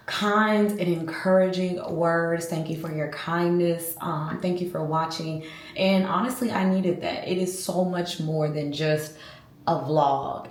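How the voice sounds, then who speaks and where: A woman, talking casually to her viewers in a warm, heartfelt, faith-filled vlog from her home. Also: deep voice, echoey room. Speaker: lifestyle vlogger. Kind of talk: casual vlog talk to camera. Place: room at home.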